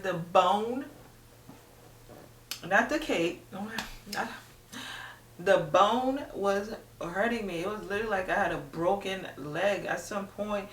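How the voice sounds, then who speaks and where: A woman's voice: medium pitch, a bit bright. A young woman chats casually to her viewers, rambling and filling gaps with "like" as she goes. Her voice bounces around an echoey room and sounds a little distant from the mic, with a faint hum of room noise under it. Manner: chatty, rambling, lots of "like". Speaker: vlogger. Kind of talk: casual chat to camera.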